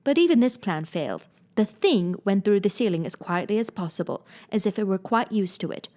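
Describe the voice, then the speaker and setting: A woman reading a classic storybook aloud, narrating in an expressive, gently dramatic way. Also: mid-range voice, brisk, few pauses. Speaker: reader.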